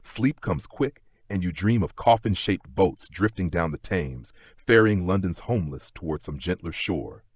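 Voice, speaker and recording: A man narrating a history sleep story in a slow, gentle second-person telling. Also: low-pitched, animated, slightly rough, no echo.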